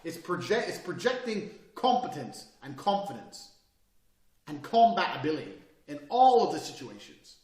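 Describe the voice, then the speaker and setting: A man's voice: on the high side, big pitch swings, normal speed, a little mellow, roomy sound. A man giving a blunt, profane motivational lecture with an emphatic, swaggering delivery. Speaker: course instructor.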